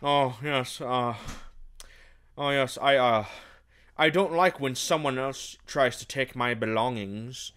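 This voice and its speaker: A man's voice: medium pitch, takes it slowly, fairly bright tone, clear, resonant tone, pitched above the performer's own voice. A man voicing a smug, possessive guild-master villain in a raised, drawling mock voice.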